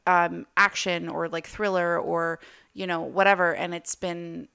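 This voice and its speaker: A woman's voice: lowish voice, level tone, a little slow, vocal fry, sharp tone, clean tone. A young woman co-hosting a casual podcast, talking enthusiastically with lots of fillers. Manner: chatty, filler-heavy, enthusiastic. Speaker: podcast co-host. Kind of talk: casual chat.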